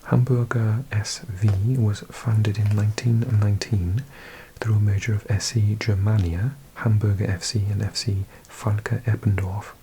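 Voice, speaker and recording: Low, dark whispering Welsh man. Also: flat delivery, slight background noise, rough recording. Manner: slow, hushed reading with asides. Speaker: ASMR host. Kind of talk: whispered and soft-spoken ASMR reading.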